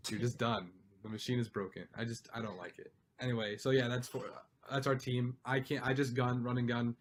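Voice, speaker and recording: A man's voice: medium pitch, fairly even intonation, moderate pace, slight background noise. A young man hosting a casual podcast, rambling and joking as he complains about video games. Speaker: podcast host. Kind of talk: casual chat.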